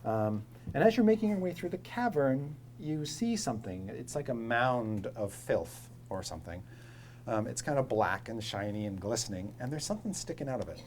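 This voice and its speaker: Relaxed man narrating as dungeon master. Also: mid-range voice, normal speed, slight background noise. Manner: descriptive, relaxed, with fillers. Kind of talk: narrating a tabletop game.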